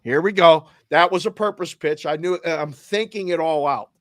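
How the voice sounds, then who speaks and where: A sports betting show host, middle-aged and Boston-accented, casually and animatedly recounts a heartfelt family story, acting out quoted voices. His fairly bright voice sits on the high side at normal speed, and the studio recording is clean with no room sound.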